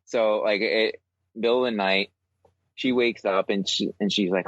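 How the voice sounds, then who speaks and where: A man's voice: on the low side, steady tone, a little slow, fairly bright tone, dry recording. A man in his thirties co-hosting a casual podcast, telling stories and laughing often. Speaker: podcast co-host. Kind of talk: casual chat. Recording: dull dry lo-fi sound.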